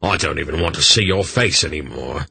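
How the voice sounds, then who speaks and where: A man voicing a betrayed smith who speaks in a dreadfully quiet, cold voice. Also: rumbling low, a little fast, vocal fry, breathy edge, exaggerated voice. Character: angry, betrayed male smith.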